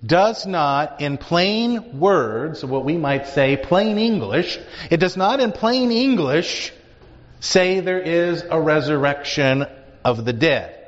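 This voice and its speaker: A man's voice: on the high side, animated, slow. A man teaching a Bible class, explaining emphatically and asking rhetorical questions. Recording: dull recording with hall reverb.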